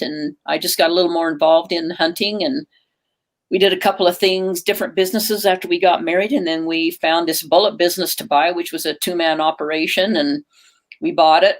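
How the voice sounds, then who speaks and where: A woman's voice: lowish voice, steady tone, a little fast, low-quality recording. An older woman from Utah who founded a bullet company, talking plainly and earnestly in an interview. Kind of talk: casual interview talk.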